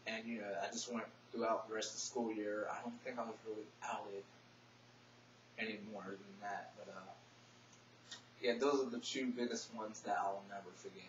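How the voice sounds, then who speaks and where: A young man telling a personal story to his vlog audience, soft-spoken and emotional, teary at times. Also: fairly low pitch, little pitch movement, normal speed. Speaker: vlogger. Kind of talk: casual personal storytelling to camera. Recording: echoey, distant, dull webcam audio with faint hum.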